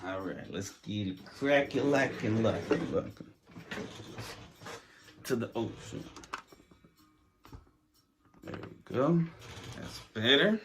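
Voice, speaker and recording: A man's voice: mid-range voice, big pitch swings, takes it slowly, long pauses, background noise. A man hosting his own podcast in loose, rambling casual chat, jittery from coffee, with lots of fillers and restarts. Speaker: podcast host.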